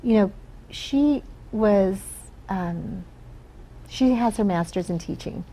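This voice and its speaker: A woman from the Philippines speaks as an interview guest, earnest and reflective, often checking in with "right?". Her voice is dark and gravelly. A faint hiss of noise sits behind her. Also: medium pitch, takes it slowly, poor audio. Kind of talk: casual interview talk.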